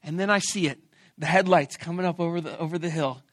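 A man preaching a sermon who tells a story about himself in an animated, playful and self-mocking way. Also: on the high side, fast, a little hiss or hum. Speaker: pastor.

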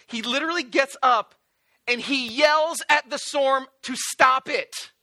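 A male pastor preaching a sermon in an animated, joking storytelling way, acting out little voices. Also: extremely high pitch, unhurried.

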